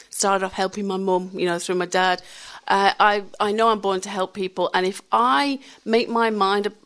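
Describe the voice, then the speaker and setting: This is a woman in her fifties, sitting as a guest in a radio studio and telling personal stories. Her voice sits at a mid pitch, and she delivers the stories with bubbly, animated energy and frequent laughter. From England. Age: 50s. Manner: lively, laughs often, animated storyteller. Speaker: interview guest. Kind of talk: candid storytelling in a radio interview.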